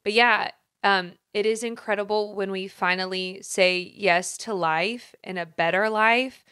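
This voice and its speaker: Female podcast co-host with a crisp, bright voice, candid and heartfelt. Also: medium pitch, steady tone, unhurried. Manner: open, emotional storytelling. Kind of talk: casual podcast conversation.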